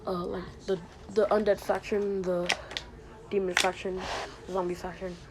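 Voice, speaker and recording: Rambling woman telling a story, mid-pitched. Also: level tone, unhurried, background noise. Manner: rambling, lots of fillers and restarts. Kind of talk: casual retelling of a made-up story.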